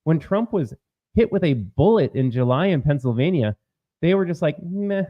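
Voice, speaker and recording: A man's voice: a little high, sing-song, normal speed, dry recording, lo-fi sound. An American man hosting political commentary, heated, mocking and sarcastic. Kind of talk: commentary on clips.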